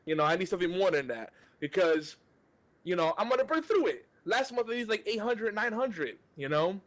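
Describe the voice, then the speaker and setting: A man's voice: high voice, sing-song, fairly quick. A man hosting a podcast, ranting in exasperation and often restarting his sentences. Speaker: podcast host. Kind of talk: casual podcast banter.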